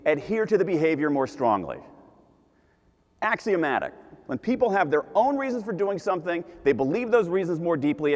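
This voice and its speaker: A man giving an animated conference talk, repeating his key points for emphasis. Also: sits high. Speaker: conference speaker. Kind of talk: keynote talk to a live audience. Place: large conference hall. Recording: long hall reverb.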